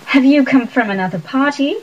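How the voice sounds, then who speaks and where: A woman's voice: high-pitched, brisk, muffled recording, a little hiss or hum, pitched above the performer's own voice, natural voice. A woman voicing a smug, glamorous young woman who speaks breathily and sweetly condescending.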